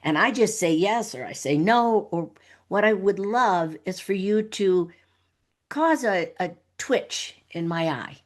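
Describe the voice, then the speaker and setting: Middle-aged woman, podcast guest, expressive sing-song delivery, playful and frank. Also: medium pitch, moderate pace. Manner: animated, laughs often, acts out dialogue. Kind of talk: conversational podcast interview.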